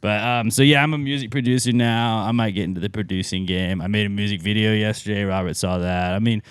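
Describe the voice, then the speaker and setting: Low-voiced laid-back podcast man. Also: fairly even intonation, fast talker, clean tone, dry recording, clean studio sound. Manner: rambling, laid-back, swearing. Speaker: podcast co-host. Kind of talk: casual podcast banter.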